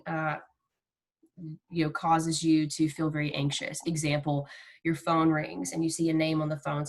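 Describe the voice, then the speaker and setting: A woman teaching a mindfulness lesson in a relaxed, conversational way, acting out everyday reactions as examples. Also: deep voice. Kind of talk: recorded classroom lesson.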